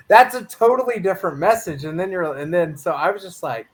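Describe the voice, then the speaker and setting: A man's voice: high voice, lively intonation, brisk. A man co-hosting a casual chat, telling a long story and acting out the quotes along the way. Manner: rambling, storytelling with acted quotes. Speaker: co-host.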